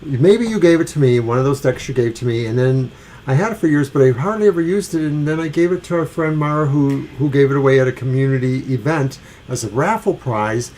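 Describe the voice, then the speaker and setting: A man's voice: medium pitch, fairly quick, a little mellow, rough recording. A man co-hosting a live tarot show, chatty and rambling, often correcting himself mid-sentence. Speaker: tarot reader co-host. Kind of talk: casual live tarot reading.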